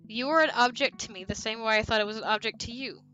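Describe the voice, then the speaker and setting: A cool, aloof lover ends things in a dating game scene, read aloud by a woman. The delivery is dismissive and brief. The voice is high and bright. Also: quick pace, highs cut off, soft background music.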